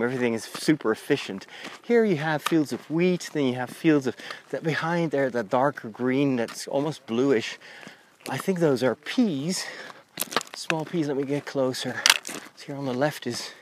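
Chatty priest talking while walking. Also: male voice, mid-range voice, background noise. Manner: rambling, conversational, with frequent restarts. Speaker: Catholic priest and podcaster. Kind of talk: chatty walking podcast monologue. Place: outdoors on a country path. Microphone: lavalier mic on a phone.

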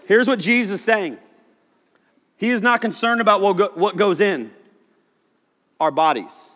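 A man preaching a sermon in a loose, animated, conversational way, often acting out voices. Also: sits high, measured pace, pauses often. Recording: echoey hall reverb.

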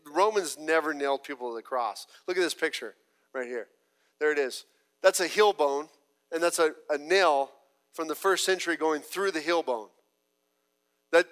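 A man preaching a sermon earnestly, often restarting and apologizing when he loses his place, rising loud, then dropping very soft. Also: fairly high pitch, clean tone. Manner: voice rises loud when mocking, drops very soft when reflecting. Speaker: pastor.

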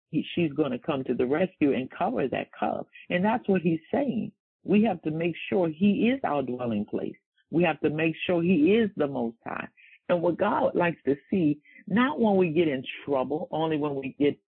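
A man's voice: on the high side, gravelly, husky. A man preaching a sermon in a call-and-response style. He repeats phrases and asks the congregation to fill in words. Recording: tinny, phone-like sound.

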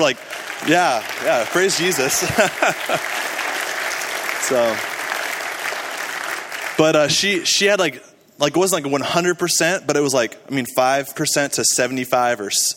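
A man recounting a trip story to a church gathering in a casual, animated way, full of fillers. His voice sits at a middle pitch. The sound rings with the long reverb of a hall. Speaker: mission trip team member.

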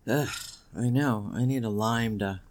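A man's voice: mid-range voice, measured pace, a little mellow. A man co-hosting a podcast in casual chat, with groans and joking reactions. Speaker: podcast co-host.

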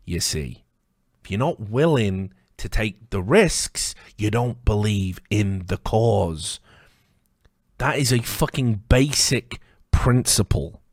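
A man's voice: lowish voice, expressive, slow, no echo, studio quality. A man hosting a commentary video, delivering an angry rant full of swearing and rhetorical questions.

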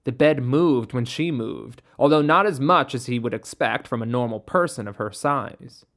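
A narrator reading a ghost story in a measured, steady way. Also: mid-range voice.

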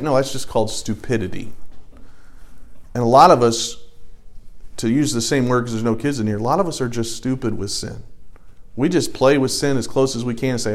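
A middle-aged man teaching an adult Bible study, earnest, swinging between loud urging and hushed prayerful tones. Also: medium pitch, fairly quick, pauses often.

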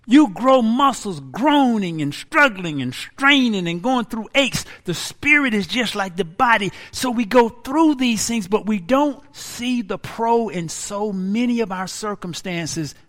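A pastor in his sixties preaching a sermon, dramatic and animated, acting out wailing laments. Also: sits high, measured pace, few pauses. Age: 60s. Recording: long hall reverb.

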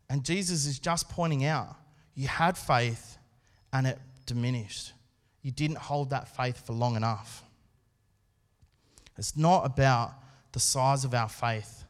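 At a church service, a man delivers a sermon in an earnest, conversational manner, pausing and restarting as he goes. His voice is medium in pitch, and a long hall reverb trails after his words.

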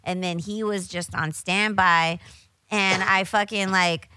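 A woman's voice: medium pitch, takes it slowly, no echo, rough recording. A woman hosting a casual chat show, telling a story with lots of swearing and acting out what people said. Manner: profane, animated storyteller acting out quotes. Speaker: podcast host.

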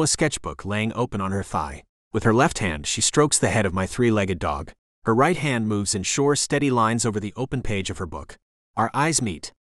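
A man narrates a first-person romance audiobook in a measured storytelling way. His voice sits on the low side. The recording is close and dry. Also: a bit bright, no room sound.

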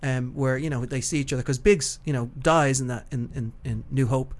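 A man's voice: mid-range voice, fairly even intonation, fairly quick. A man hosting a podcast in casual, rambling chat, swearing freely and laughing easily. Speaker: podcast host.

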